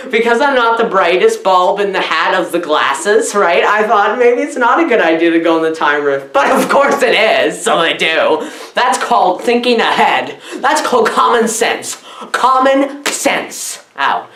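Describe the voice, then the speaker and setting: A woman giving a rambling comic film review, loud and scattered, jumping between silly asides and squealed quotes. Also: medium pitch, expressive, moderate pace, roomy sound. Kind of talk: rambling deadpan comedy review.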